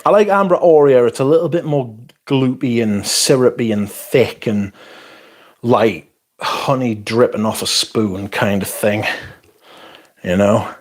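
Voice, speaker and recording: This fragrance livestream host talks in an unhurried, medium-pitched voice. He reads out comments from viewers, meanders with self-deprecating asides, and lets thoughts trail away unfinished.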